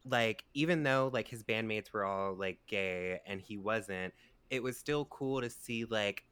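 A man in podcast chat, with a low but bright voice. The sound is dry and close, and he speaks in an earnest, reflective way. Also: a little slow, clean tone, dry recording. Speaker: podcast guest. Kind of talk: casual chat.

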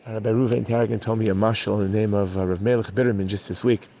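A man's voice: on the low side, steady tone, very fast, gravelly, mellow, low-quality recording. A man, a rabbi, teaching a daily Talmud class in a conversational, storytelling manner. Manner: conversational, storytelling, with fillers and restarts.

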